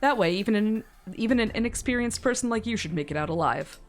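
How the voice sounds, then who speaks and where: A woman's voice: on the high side, lively intonation, quick pace, soft background music, pitched above the performer's own voice, lightly acted. A woman voicing an arrogant young male warrior servant who talks down sarcastically to his new master. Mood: condescending. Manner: condescending, sarcastic.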